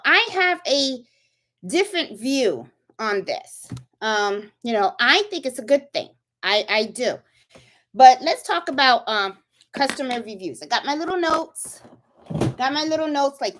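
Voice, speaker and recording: A woman's voice: sits high, a bit bright, slight background noise. A woman hosting a casual craft livestream, chatty and full of fillers, checking in with viewers. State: a little out of breath. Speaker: channel host. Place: indoors at home, chilly room.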